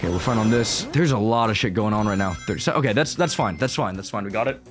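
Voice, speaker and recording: A young man gushing through let's-play commentary, casual and excited, with slang and swearing. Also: fairly low pitch, fast talker, faint music behind. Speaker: gaming streamer.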